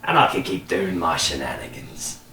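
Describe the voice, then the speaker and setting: A man's voice: rumbling low, very animated, normal speed, bright, forceful tone, soft background music, heavily acted. Man doing a sly pipe-smoking trickster woman. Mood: teasing. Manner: teasing, calls everyone love. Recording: roomy, distant mic, faint hiss.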